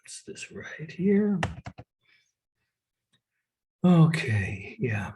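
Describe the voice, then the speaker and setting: A man lecturing on art history over a video call, repeating definitions slowly and correcting himself. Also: fairly high pitch, very animated, noisy background. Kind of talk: online lecture. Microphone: computer mic on video call.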